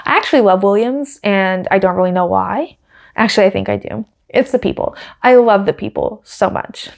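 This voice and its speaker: A woman's voice: medium pitch, normal speed, vocal fry. A young woman hosting a podcast, talking in a casual, gushing and opinionated way with lots of fillers. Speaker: podcast host. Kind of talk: casual chatty commentary.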